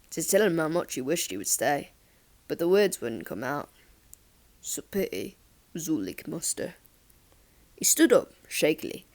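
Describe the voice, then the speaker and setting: A woman narrating a fan-fiction audiobook in a calm, steady storytelling voice. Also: sits low, creaky.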